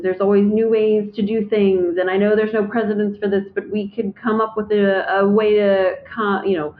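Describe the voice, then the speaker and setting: A woman's voice: mid-range voice, little pitch movement, slight background noise. A woman chatting casually about a book, slipping into the characters' voices as she retells scenes. Her voice comes through a thin, phone-like line. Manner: acts out quoted characters in quick recaps. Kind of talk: casual book recap chat. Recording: tinny phone-like audio.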